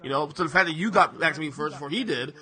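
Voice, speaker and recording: A man's voice: fairly high pitch, racing, sharp tone. A man in his thirties hosting a podcast in casual chat, often stammering and repeating words and laughing easily. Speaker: podcast host.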